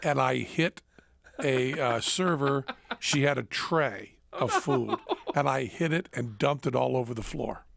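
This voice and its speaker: A man's voice: mid-range voice, unhurried, gravelly, a bit bright, no room sound. A man in his sixties hosting a podcast, telling wry stories in casual chat. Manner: storytelling, wry. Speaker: podcast host. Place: studio.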